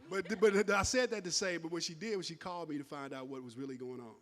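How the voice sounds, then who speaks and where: A man's voice: a little high, quick pace. A man acting as emcee at a live graduation event, teasing the graduates and laughing often as he hands out awards. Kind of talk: joking live event banter. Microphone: handheld wireless mic.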